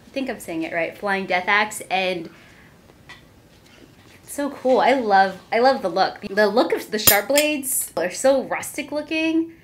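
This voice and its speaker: A young woman in a casual unboxing vlog, excitable and gushing, squealing and gasping as she opens gifts. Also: medium pitch, unhurried, a little hiss or hum.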